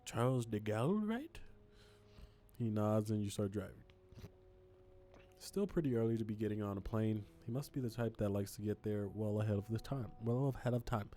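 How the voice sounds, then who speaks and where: A man's voice: fairly low pitch, steady tone, a little fast, dark tone, soft background music. A man reading a narrative game's text aloud and making joking asides as he plays. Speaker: streamer reading a game aloud. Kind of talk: casual game narration and chat.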